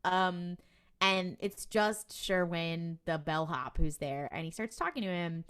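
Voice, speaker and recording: A woman's voice: lowish voice, unhurried, smooth. A woman co-hosting a podcast, recapping a TV episode in casual chat and acting out the characters' lines. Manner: animated storytelling with quoted voices and laughs. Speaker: podcast co-host.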